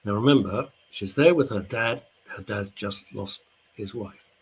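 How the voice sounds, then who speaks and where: A man's voice: fairly low pitch, a little slow, slightly rough, low-quality recording. A man hosting a radio talk show, ranting indignantly and chatting directly to his listeners.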